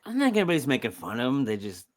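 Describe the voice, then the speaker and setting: A man's voice: mid-range voice, wildly swooping pitch, rapid-fire. A man co-hosting a film podcast, telling stories in casual chat, swearing freely and laughing often. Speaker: podcast co-host.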